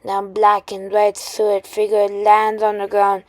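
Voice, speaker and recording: A woman retelling a made-up superhero story, halting often with restarts and fillers. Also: medium pitch, completely flat delivery, no room sound.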